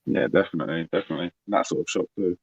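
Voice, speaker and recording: A man co-interviewing on a podcast in casual chat, polite and quick to apologize. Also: low voice, vocal fry, breathy edge, no echo, narrow, tinny audio. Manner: laughs easily, polite, apologetic.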